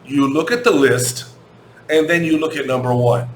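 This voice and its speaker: An American man with a mid-range voice teaches children English grammar, slowly repeating his questions and spelling words letter by letter. The room is echoey, with a faint hum in the background.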